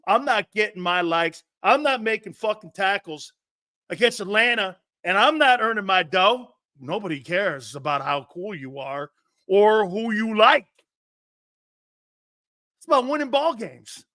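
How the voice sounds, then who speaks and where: Sports talk host, middle-aged man, brash and profane storyteller, high-pitched, sharp tone. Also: big pitch swings, a little slow, no room sound, clean studio sound. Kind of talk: animated sports talk monologue.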